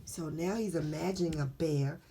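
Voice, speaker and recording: A woman reading a picture book aloud to children, slowly and encouragingly, asking them questions. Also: low voice, dark tone, slight background noise. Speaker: storybook reader.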